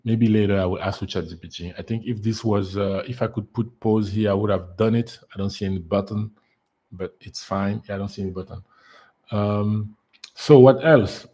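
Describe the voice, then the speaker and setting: A man's voice: lowish voice, steady tone, moderate pace, warm tone, slightly rough. A man talking as a spiritual life coach on a casual solo livestream, earnest, repeating words for emphasis, with fillers. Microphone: solo live stream setup.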